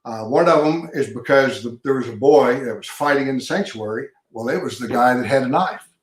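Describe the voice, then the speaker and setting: Older man, folksy pastor telling a story, mid pitch, roomy sound. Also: fairly quick. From Texas. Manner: folksy storyteller, acts out dialogue. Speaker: pastor and retired police sergeant. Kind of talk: storytelling in an interview. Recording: roomy echo.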